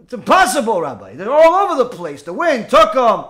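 Guy doing a naive, excitable guy, high voice, gets flustered quick. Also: full character voice. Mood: bewildered. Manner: excitable, bewildered. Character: eager, naive man seeking forgiveness.

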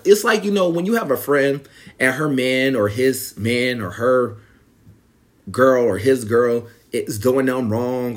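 A man telling a personal story to his viewers in casual, rambling talk, full of "you know" fillers and growing heated. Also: mid-range voice. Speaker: vlogger.

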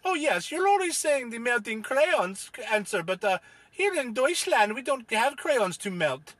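A man's voice: very high voice, big pitch swings, unhurried, fairly bright tone, dry recording, pitched above the performer's own voice, full character voice. A man doing a hammy fake German. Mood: mock-earnest. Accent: put-on German. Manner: mock-earnest, boastful. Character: fake German panelist, kinky, boastful.

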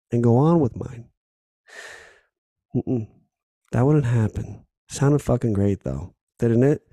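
A man's voice: mid-range voice, animated, takes it slowly, long pauses, mellow, dry recording, studio quality. A man hosting a solo podcast, telling a personal story in a candid, casual way that is full of swearing and little acted-out scenes. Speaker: podcast host.

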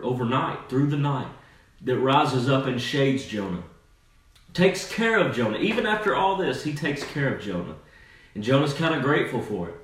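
A man's voice: medium pitch, far from the mic. Youth pastor, man, earnest conversational sermon, recorded from across a big echoey room. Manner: earnest, conversational preaching with fillers.

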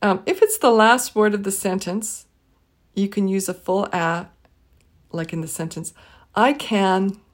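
A woman leading a pronunciation lesson, saying each word twice slowly and carefully. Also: medium pitch. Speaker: pronunciation teacher. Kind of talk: slow pronunciation drill.

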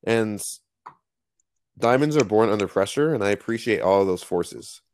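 A man co-hosting a podcast, chatting casually in a playful, animated way with lots of metaphors. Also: fairly low pitch, moderate pace, a little hiss or hum. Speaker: podcast co-host.

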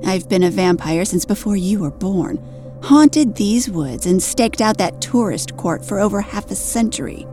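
A woman's voice: medium pitch, lively intonation, moderate pace, warm tone, soft background music, lightly acted. A woman playing a hissing vampire. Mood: scornful. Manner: hissing, scornful. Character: old haughty female vampire, hissing predator.

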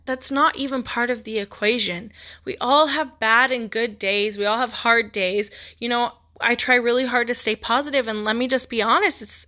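A woman's voice: a little high, a bit bright. A young woman hosting a podcast, talking in a candid, rambling, encouraging way with many "like" fillers. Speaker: podcast host. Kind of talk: casual motivational monologue.

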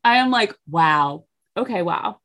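A woman's voice: medium pitch, lively intonation, measured pace, fairly bright tone. Young woman telling gossipy stories. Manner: gossipy storytelling, acts out quoted voices. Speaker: podcast co-host. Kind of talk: casual chat.

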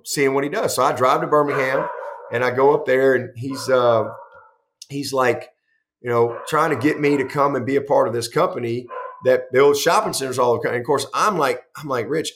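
Animated middle-aged man telling stories. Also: mid-range voice, brisk, a little hiss or hum. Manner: animated, rambling, with frequent restarts and quoted dialogue. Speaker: head football coach. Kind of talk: storytelling in a conversational interview.

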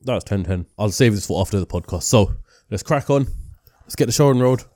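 A man hosting a casual podcast. His voice is low and warm, and he talks at a quick, easygoing pace, dropping in repeated yeahs as he listens. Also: expressive. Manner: easygoing, frequent yeah-yeah backchannels. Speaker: podcast host.

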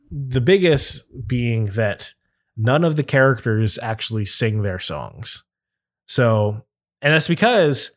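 A young adult man hosting a podcast in casual chat, rambling with many fillers and laughing easily. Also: mid-range voice. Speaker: podcast host.

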